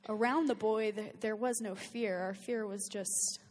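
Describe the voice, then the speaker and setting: A woman's voice: medium pitch, steady tone, unhurried, darkish tone, long reverb tail, a little hiss or hum. A woman earnestly telling a personal story in casual speech, with many fillers and bursts of laughter. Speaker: guest recounting a personal experience. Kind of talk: casual spoken testimony.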